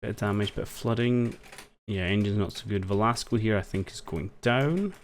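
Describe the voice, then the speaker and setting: A man with a fairly low voice talks through a strategy game as he plays, casual and unhurried. He thinks aloud with a wry, understated edge, recorded close on a desk microphone. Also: a little hiss or hum. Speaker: strategy game let's-player. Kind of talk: casual gameplay commentary.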